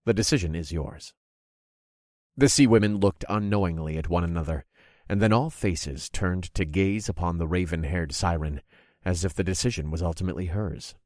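Male narrator, very low voice, dramatic first-person audiobook reading, dry close sound. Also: darkish tone, no room sound. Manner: measured, dramatic storytelling.

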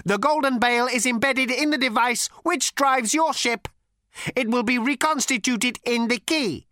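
A man voicing an ancient, lifeless male robot with a cold, cultured rasp and a flat, patient, solemn manner. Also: extremely high pitch, moderate pace, no echo, studio quality, voice pushed up.

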